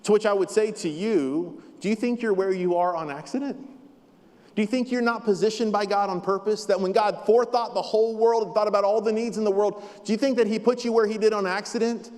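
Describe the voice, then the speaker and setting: A man's voice: sits high, brisk, a little mellow. A man preaching a sermon as a pastor, emphatic and repetitive with touches of light humor, heard in a church sanctuary. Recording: long hall reverb.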